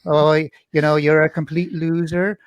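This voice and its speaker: Mean Irish inner-critic voice, taunting and belittling, pitched a little high, as a man puts it on. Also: little pitch movement, measured pace, smooth, no room sound.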